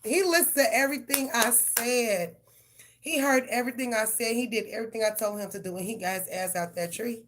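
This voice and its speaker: A woman's voice: a little high, fairly even intonation, a little fast, a bit bright, slight background noise. A woman hosting a live tarot stream, chatting casually with viewers in a loose, profane, slang-filled way. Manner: addresses viewers directly.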